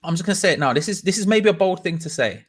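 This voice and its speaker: A fairly high-voiced man chats casually as host of a live football watch-along. He greets viewers one by one and talks fast between predictions. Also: animated, husky. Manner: chatty, reads out viewer names, quick asides.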